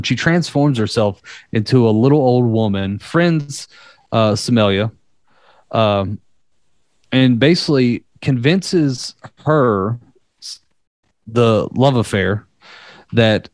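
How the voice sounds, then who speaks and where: A man's voice: medium pitch, no room sound. A man chatting casually, retelling a myth in a loose, profane way and acting out the quotes. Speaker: podcast co-host.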